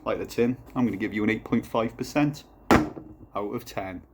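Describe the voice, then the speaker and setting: A man doing a casual comic vlog, rambling and swearing through a deadpan story while reviewing a beer. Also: lowish voice, normal speed, very noisy.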